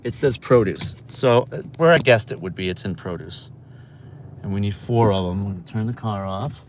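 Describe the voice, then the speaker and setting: He's a delivery driver from New York streaming on his phone from his car and a store, loosely chatting and rambling with viewers. His pitch is fairly low and his speed normal, with a little hiss or hum in the audio.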